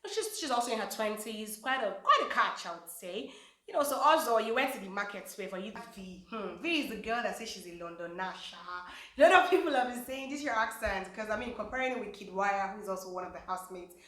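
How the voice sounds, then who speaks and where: A woman's voice: mid-range voice, animated, quick pace, sharp tone, echoey room. A woman, gossiping casually about reality show contestants, with lots of fillers. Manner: chatty, gossipy, many fillers. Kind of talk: casual chat.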